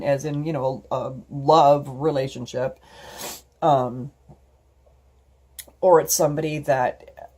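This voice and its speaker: Casting: woman, 50s, husky dark voice, rambling, heartfelt home vlog. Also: lowish voice. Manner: rambling, many fillers and restarts, casual swearing. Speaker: vlogger. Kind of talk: emotional personal storytelling.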